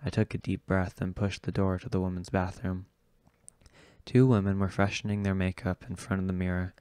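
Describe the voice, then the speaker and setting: A man reading an audiobook chapter aloud in a steady, unhurried way. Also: sits low, clean tone, dry recording. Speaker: audiobook reader. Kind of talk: audiobook narration.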